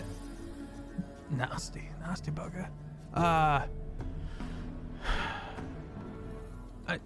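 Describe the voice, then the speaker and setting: Man voicing a scrawny nervous redhead, stammering, Australian-ish twang, slightly high, music behind. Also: full character voice. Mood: evasive.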